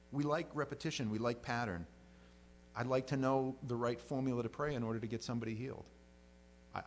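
A man's voice: medium pitch, slight background noise. Folksy jokey male preacher. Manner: folksy, jokey, acts out quotes in a silly voice. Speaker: pastor. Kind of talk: conversational Bible teaching.

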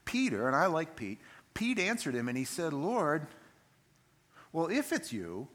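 Animated male preacher, bright lively voice. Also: on the high side, moderate pace. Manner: animated storytelling, acting out scenes. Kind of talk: sermon.

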